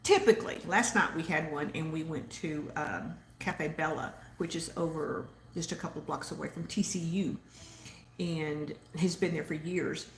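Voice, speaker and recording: Southern woman, casual livestream host, low gravelly voice, rambling and chatty, echoey room. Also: steady tone, measured pace, slight background noise. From Texas. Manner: chatty and rambling, reads viewer comments aloud. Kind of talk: casual live-stream chat.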